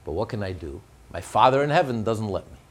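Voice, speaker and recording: A man's voice: lowish voice, expressive, fast, breathy edge. A man explaining a religious text in a class, emphatic, often repeating and restarting his phrases. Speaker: religious teacher.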